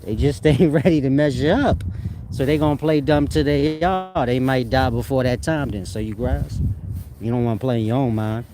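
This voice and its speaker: A man speaking straight to his viewers in a loose, slangy monologue. He laughs often and drifts from point to point, dropping into a low, unhurried preaching tone when he wants to make a point land. There is a faint bit of background noise behind him. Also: dark tone. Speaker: online teacher reading viewer comments. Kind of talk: casual spoken monologue.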